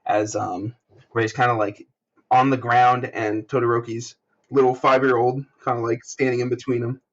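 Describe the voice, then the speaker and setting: A man on a podcast walks through a manga chapter panel by panel, talking loosely with plenty of fillers and jumping into animated character voices. His pitch sits in a middle range. The audio is a little dull and lo-fi, like a home podcast setup. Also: normal speed. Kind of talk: casual chat, reading panels aloud.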